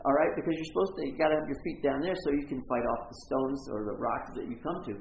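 Man, pastor, rambling storytelling sermon, self-mocking, gravelly voice, echoey room. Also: a little high, fast talker, a little hiss or hum. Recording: echoey, muffled room recording.

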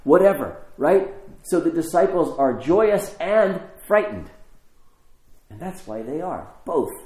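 A man giving a sermon, telling a story with pauses and shifting emphasis. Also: fairly low pitch, mellow. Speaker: preacher. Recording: roomy echo.

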